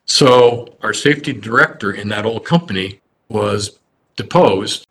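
A man, a construction company president, telling stories in a measured, earnest way during a podcast interview. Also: lowish voice, a bit bright, breathy edge. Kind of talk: anecdotal storytelling in a podcast interview.

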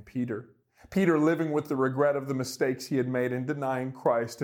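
A man preaching a sermon in an earnest way, rising to emphatic peaks and dropping to hushed, quiet tones. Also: mid-range voice. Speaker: pastor.

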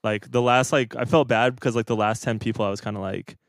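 A man's voice: medium pitch, steady tone, quick pace, no room sound, studio quality. A young man co-hosting a podcast in casual chat, laid-back, swearing a lot and saying "dude" and "like" often. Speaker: podcast co-host, band bassist.

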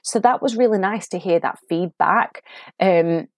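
A woman with a Sheffield accent talks through a story in a casual podcast style, quick to laugh and animated. Her voice sits a little low. The recording is close and dry, with no room sound. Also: no room sound. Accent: Sheffield English. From England. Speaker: acting coach podcast host. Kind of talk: casual solo podcast talk.

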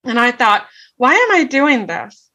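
A woman's voice: fairly high pitch, big pitch swings, measured pace, bright, forceful tone. A middle-aged woman telling a personal story in an earnest way, often checking in with "right?". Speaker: guest.

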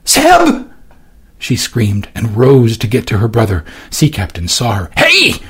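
A man's voice: fairly low pitch, moderate pace, darkish tone, slightly rough. A man giving dramatic scripted narration of a novel as an audiobook narrator. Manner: dramatic, swinging delivery.

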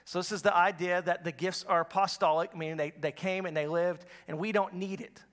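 A man's voice: high voice, fairly even intonation, brisk, fairly bright tone. A man preaching a sermon as pastor, talking in a conversational, storytelling way with frequent restarts.

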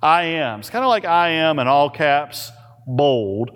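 A man pastor preaching a sermon, slow and emphatic, with dramatic pauses on key words. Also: on the high side, expressive, a bit bright. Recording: reverberant church hall.

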